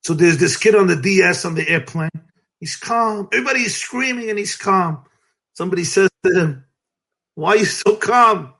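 A rabbi being interviewed, telling stories in a lively, emphatic way, sometimes breaking into shouts, with light laughs between phrases. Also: male voice, sits high, a little fast, vocal fry. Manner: lively, emphatic, bursts into shouting and chanted cries. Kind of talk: animated storytelling in an interview.

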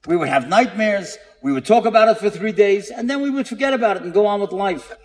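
A man's voice: high-pitched, lively intonation, fast talker, darkish tone, a little hiss or hum. A man telling a story in a sermon to an audience, delivering it dramatically, acting out the quotes and building to emphatic peaks. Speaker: preacher. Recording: long hall reverb.

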